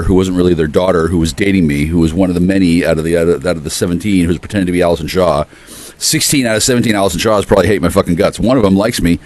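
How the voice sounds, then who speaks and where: A man ranting on his porch in a rambling, profane monologue that veers between loud outbursts and quiet muttering. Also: sits low. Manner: profane, erratic, shifts between ranting and murmuring. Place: outdoors on a porch.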